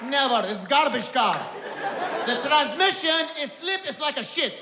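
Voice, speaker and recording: A man's voice: very high-pitched, animated, measured pace, heavy background noise, voice pushed up. A man voicing an indignant male game show contestant in broken English with a put-on Arabic accent. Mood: scornful. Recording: echoey hall with crowd laughing.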